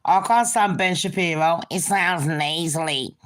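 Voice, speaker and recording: A woman's voice: lowish voice, unhurried. A woman giving a sweary, mocking commentary vlog, laughing at her own jokes. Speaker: commentary vlogger.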